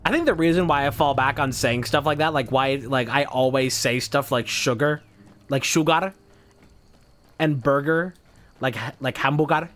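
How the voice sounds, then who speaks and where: A man streaming a game, rambling and swearing casually as he thinks out loud. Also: mid-range voice, moderate pace, faint music behind. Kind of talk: casual gameplay commentary.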